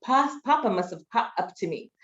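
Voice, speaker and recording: A woman's voice: mid-range voice, animated, a little fast. A woman librarian reading picture books aloud to children over a video call, exclaiming and gasping as she goes. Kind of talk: children's storytime read-aloud. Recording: dull lo-fi video call audio.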